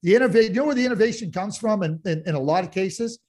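Guy on a hockey pod, high voice, gets fired up and loud. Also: fast talker, slightly rough. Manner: animated, gets heated and loud, many restarts. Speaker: podcast co-host, hockey analyst. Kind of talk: casual sports chat.

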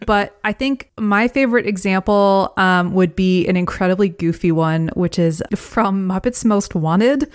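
A woman's voice: medium pitch, measured pace, hardly any pauses, clean tone, dry recording. A woman co-hosting a tabletop role-play podcast, chatting casually and enthusiastically, giggling often and using lots of fillers. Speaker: podcast co-host and game master.

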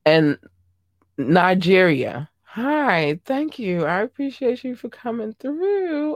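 A gushing, affectionate podcast host in casual livestream chat, calling listeners babies and darlings. The voice sits at a middling pitch but leaps from low murmurs to high squeals. The sound is dry and close, with no room around it. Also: very animated, slow pace, dry recording.

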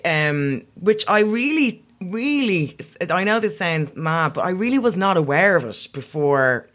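A woman's voice: fairly low pitch, big pitch swings, unhurried, fairly bright tone. A young woman comedian with a posh South Dublin accent, chatting casually and mocking herself. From Ireland. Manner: chatty, self-mocking, laughs often. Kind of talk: casual podcast chat.

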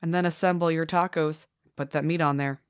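A sick podcast host with a sore throat speaks in a low voice, close to a dry mic. She keeps things playful and jokey despite feeling rough. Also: fairly even intonation, a little fast, no room sound. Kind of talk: casual podcast chat.

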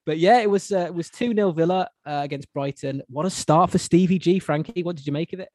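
A man's voice: fairly high pitch, fast, no room sound. Chatty male football podcast host. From Wales. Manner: chatty, animated, stumbling restarts. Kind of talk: casual football chat.

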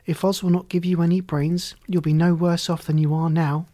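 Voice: mid-range voice, little pitch movement, moderate pace, mellow, lightly acted. A reader voicing polite little girl Dorothy. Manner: polite, earnest.

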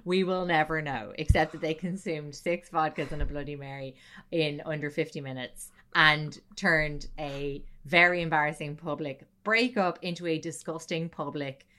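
A woman co-hosting a podcast, telling a story with lively, swearing, laughing comedic chat. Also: low-pitched, normal speed. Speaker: podcast co-host.

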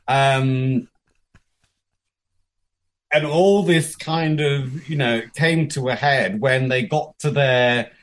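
An Englishman in his fifties, appearing as an interview guest, tells frank, profane stories from his life and acts out what the people in them said. His voice is medium-pitched and fairly bright, and he speaks slowly with frequent pauses.

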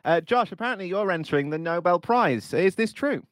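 A stiff local radio news anchor, played by a man in an improv comedy game. The voice is mid-pitched and dry, and he keeps a mock-formal newsreader tone throughout. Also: expressive, fairly quick, a bit bright, dry recording. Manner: earnest, faux-formal newsreader delivery.

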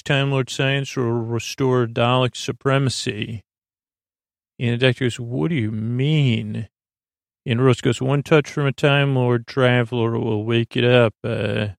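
A man with a gravelly, flat delivery that barely rises or falls. He rambles through a relaxed recap, filling every pause with "uh" and "he goes". The sound is dry and close, with no room around it. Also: mid-range voice, dry recording. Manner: rambling, filler-heavy retelling with many "he goes". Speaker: podcast host. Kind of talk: casual episode recap for sleep.

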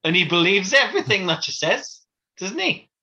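A man's voice: high-pitched, big pitch swings, normal speed, sharp tone, highs cut off. A man, co-hosting a casual chat about a film, wry and rambling. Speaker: podcast co-host.

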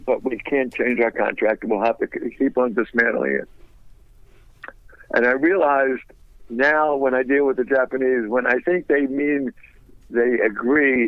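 A man telling a business story in a fast, animated, wisecracking way, laughing at his own punchlines. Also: mid-range voice, no echo, phone-quality sound. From United States.

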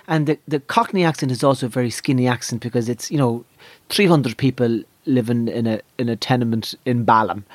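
A mid-range male voice with an Irish accent delivers a stand-up set with no room sound. He swears freely, rambles from thought to thought, and jumps into quick impressions.

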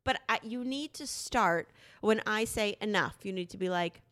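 With few pauses and at normal speed, a medium-pitched woman in her thirties tells her husband a story in casual conversation. She's a podcast co-host, animated and swearing a lot.

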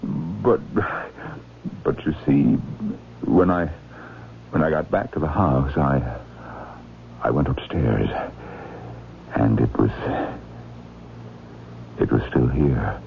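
An actor playing a haunted professor who stammers, panics and pleads, in a 1970s radio drama. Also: male voice, rumbling low, slow, creaky, pauses often, exaggerated voice. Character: frantic, haunted older male professor. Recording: tinny old radio broadcast, faint noise.

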